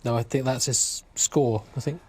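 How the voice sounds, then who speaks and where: A man acting as co-host on a comedic radio show, dry and deadpan. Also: medium pitch, moderate pace, breathy edge. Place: radio studio.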